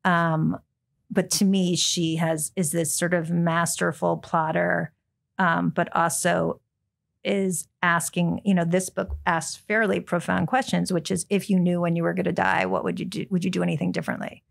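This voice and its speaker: A middle-aged American woman, a book editor, chatting in an interview, full of ums and quick restarts. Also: on the low side, little pitch movement, creaky. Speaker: book editor, podcast guest. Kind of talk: casual interview chat.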